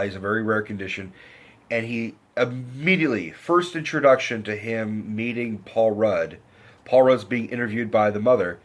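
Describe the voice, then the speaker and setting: A man giving a casual, rambling film review rant, loose and profane, jumping into pitched-up impressions of the characters. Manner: profane, animated retelling with pitched-up acted quotes.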